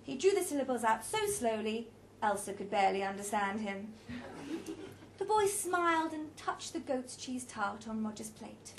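A woman narrating a story in an even, measured reading voice. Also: on the high side, a little hiss or hum. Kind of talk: audiobook narration.

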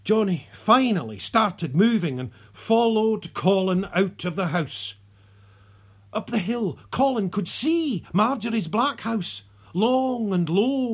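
A narrator reading a story aloud in a soft, unhurried way, sometimes dropping to a whisper. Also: medium pitch, husky. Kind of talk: audiobook narration.

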